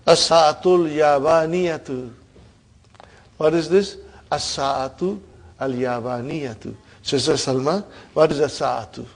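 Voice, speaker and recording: A man's voice: medium pitch, a little slow, vocal fry, husky. A man teaching an Arabic grammar class, quizzing his students and checking in with a "huh?" between points. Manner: questioning students, frequent "huh?" and laughs.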